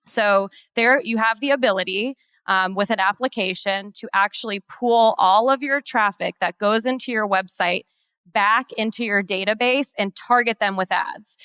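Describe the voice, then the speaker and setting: Bright, crisp businesslike woman presenter. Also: mid-range voice, dry recording. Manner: organized, explanatory, businesslike. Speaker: law firm marketing lead. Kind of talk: conference presentation.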